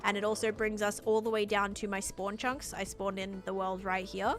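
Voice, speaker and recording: A woman's voice: medium pitch, little pitch movement, normal speed, soft background music. A woman with an Australian accent, live-streaming a building game and chatting casually with her viewers as she plays. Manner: chatty, talks to chat while building. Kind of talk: casual live-stream chat while playing.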